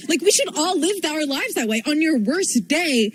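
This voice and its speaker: A woman's voice: sits high, sing-song, normal speed, few pauses, slight background noise, low-quality recording. Rambling young woman comedian. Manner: chatty and rambling, lots of "like". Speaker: stand-up comedian. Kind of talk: stand-up storytelling.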